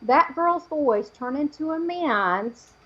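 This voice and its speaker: Animated woman telling a story, lo-fi. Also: high voice, slow pace. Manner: animated, acts out quoted voices. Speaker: guest, psychic medium. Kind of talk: telling a personal story in an interview.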